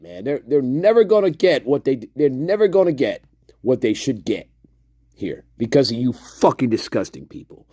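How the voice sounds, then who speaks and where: A man ranting in casual, profane commentary while reacting to a film, mocking people and swinging between mutters and shouts. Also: medium pitch, sing-song, moderate pace, breathy edge, no room sound, clean studio sound.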